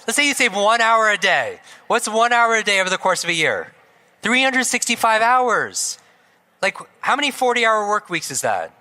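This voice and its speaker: A man in middle age delivers a live talk in an event hall, his voice strikingly bright and a touch high. He works the audience energetically, throwing out questions and checking in with them as he goes. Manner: energetic, asks the audience questions, tags lines with "right?". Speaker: motivational speaker.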